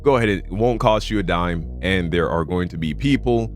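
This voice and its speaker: A man's voice: sits low, moderate pace, faint music behind. A man hosting a reaction video, with sardonic commentary and an earnest appeal to viewers. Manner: sardonic, then earnest and pleading. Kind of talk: casual commentary.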